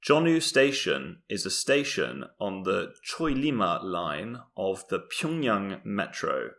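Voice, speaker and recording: Young man from Britain, low pitch, bright tone, casual comedic podcast chat, rambling and self-mocking. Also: sing-song, slow pace, gravelly. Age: young adult. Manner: rambling, self-mocking, with frequent ums and laughs. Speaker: podcast co-host.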